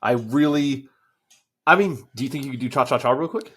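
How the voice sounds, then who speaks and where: A man's voice: mid-range voice, fairly quick, fairly bright tone, breathy edge. A young adult man co-hosting a podcast in casual chat, laid-back with short reactions. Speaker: podcast co-host and streamer.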